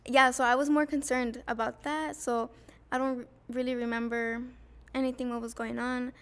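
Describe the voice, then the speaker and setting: A young woman with a fairly high, flat voice that barely rises or falls. She speaks softly and haltingly in a casual podcast chat, trailing off and restarting with lots of fillers. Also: clean tone. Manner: soft, halting, many "like" fillers. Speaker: guest sharing her story.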